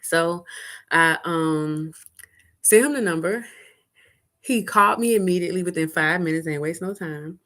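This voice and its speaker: Low-voiced woman telling a candid story. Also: moderate pace, pauses often. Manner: candid and profane, with animated high-pitched quoting. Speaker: vlogger telling a personal story. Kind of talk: casual storytelling to viewers.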